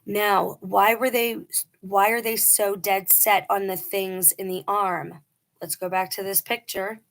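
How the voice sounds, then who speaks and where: A woman's voice: medium pitch, level tone, measured pace, fairly bright tone. A middle-aged woman telling a personal story in a casual, earnest and emphatic way, acting out quoted dialogue. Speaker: vlogger telling a personal testimony.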